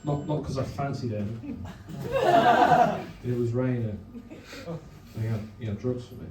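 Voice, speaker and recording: Deadpan young comedian in a roomy club. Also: male voice, mid-range voice, unhurried, heavy background noise. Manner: deadpan, hesitant with stammered restarts. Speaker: stand-up comedian. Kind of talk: stand-up comedy set. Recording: roomy venue mic from a distance. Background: audience laughter.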